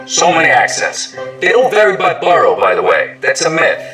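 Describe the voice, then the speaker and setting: A man giving a scripted explanation of accents in a clear, teaching manner. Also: fairly high pitch, huge pitch swings, normal speed, recorded from a distance, over music, low-quality recording. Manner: clear, didactic, demonstrates sounds. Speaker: accent coach.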